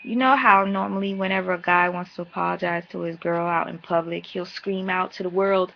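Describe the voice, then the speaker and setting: A woman's voice: on the low side, steady tone, normal speed, creaky, hardly any pauses, lo-fi sound. A woman giving a brash, profane, sassy casual recap of a reality show episode. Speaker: vlogger reviewing a reality show.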